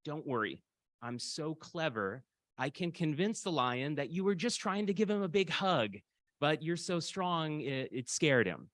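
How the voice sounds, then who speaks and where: A man voicing a clever, flattering male fox who coaxes and schemes in a spoken fable. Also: a little high, a little slow, no room sound, voice pushed up. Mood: coaxing. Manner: sly, coaxing.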